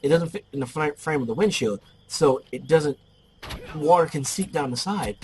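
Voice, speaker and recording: A man's voice: fairly high pitch, expressive, normal speed, darkish tone, breathy edge, no echo, poor audio. A man giving casual gameplay commentary, rambling off into joking stories as he plays.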